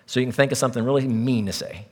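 Animated man preaching in an echoing hall. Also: medium pitch, rapid-fire. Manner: animated storytelling with jokes and voices. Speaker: pastor. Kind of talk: sermon.

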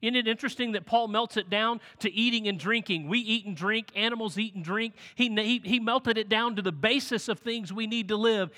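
A male pastor delivering a sermon in a bright, forceful voice that sits a little high for a man. His delivery swings from hushed reflection to loud, animated storytelling. The sound carries a long reverb, as if filling a large hall. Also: a little fast, few pauses.

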